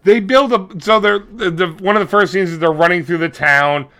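A man co-hosting a podcast, retelling a movie in crude, rambling, animated casual chat. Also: high-pitched, moderate pace. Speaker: podcast co-host.

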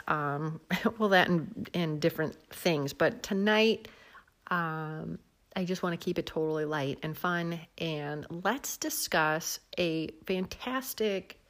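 A woman's voice: low-pitched, fairly bright tone. A woman with a Midwestern American accent hosting a casual solo chat, chatty and full of fillers and laughs. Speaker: podcast host.

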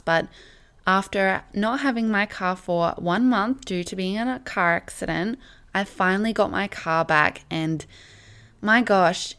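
A young woman hosting her own podcast, chatting in a warm, gushing and heartfelt way, full of casual fillers. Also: medium pitch, smooth. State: emotional, near tears at times. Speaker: podcast host. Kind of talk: casual solo podcast chat.

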